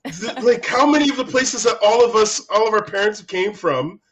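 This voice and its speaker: A man's voice: high voice, animated, normal speed, fairly bright tone. A man on a chat panel, speaking in a blunt, dry, matter-of-fact way. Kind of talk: casual chat. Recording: muffled lo-fi audio.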